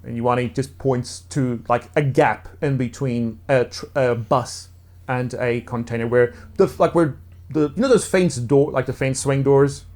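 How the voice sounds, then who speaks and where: A man's voice: mid-range voice, a little slow, darkish tone. A man narrating as game master in a casual, rambling way with many fillers. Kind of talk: narrating a tabletop role-play.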